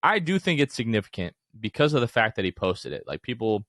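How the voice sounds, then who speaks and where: A man in his thirties co-hosts a sports podcast at a mid pitch, and his stories come out excited and animated. His voice is dry and close on the mic, with no room sound around it. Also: a little fast, no echo. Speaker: podcast co-host. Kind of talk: casual sports podcast chat.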